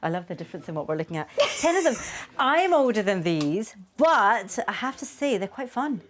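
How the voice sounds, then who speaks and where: A woman's voice: medium pitch, big pitch swings, normal speed. A woman antiques expert chatting casually in an enthusiastic, giggly way. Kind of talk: casual chat.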